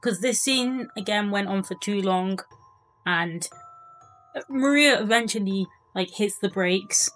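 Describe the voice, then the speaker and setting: A woman's voice: mid-range voice, slow, a bit bright, soft background music, poor audio. A young woman giving a casual movie review, chatty and incredulous, full of filler words.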